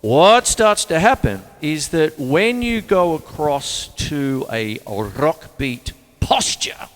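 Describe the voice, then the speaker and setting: A man's voice: fairly high pitch, very animated, takes it slowly. A man from Australia giving a chatty, rambling drum lesson, counting beats aloud as he plays a kit. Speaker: drum teacher. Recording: long hall reverb, drums playing loudly.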